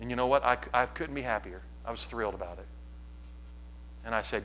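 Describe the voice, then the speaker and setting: A man preaching a sermon in his church, swinging from loud, lively delivery to quiet asides. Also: medium pitch, fairly quick, slight background noise. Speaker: pastor.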